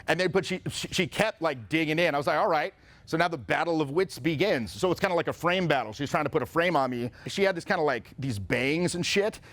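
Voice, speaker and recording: A male social confidence coach in a casual motivational talk. He tells stories and gives advice in an animated way, with frequent swearing. His voice sits a little high for a man. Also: fast, hardly any pauses. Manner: profane, animated storyteller.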